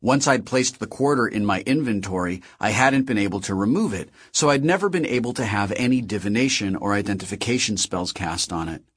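A man narrating a novel in the first person with a steady, measured reading. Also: lowish voice, husky, dry recording, clean studio sound. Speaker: audiobook narrator.

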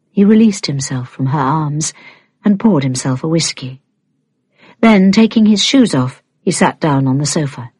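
A woman narrates a novel in an unhurried, expressive way, her pitch moving a lot. Her voice sits low and a little husky, and the recording is dry and close. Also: no room sound. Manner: calm, unhurried storytelling. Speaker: audiobook reader. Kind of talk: scripted narration.

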